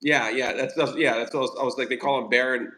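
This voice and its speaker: A man's voice: mid-range voice, fairly even intonation, quick pace, bright, forceful tone, a little hiss or hum. A man hosting a podcast, chatting casually about a movie in a rambling, profane way. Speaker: podcast host.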